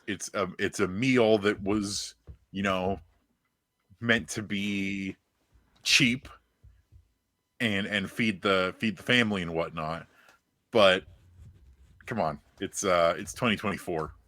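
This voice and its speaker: A man co-hosting a casual sports podcast, bantering in a relaxed, opinionated way. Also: deep voice, takes it slowly, long pauses, no echo. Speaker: podcast co-host.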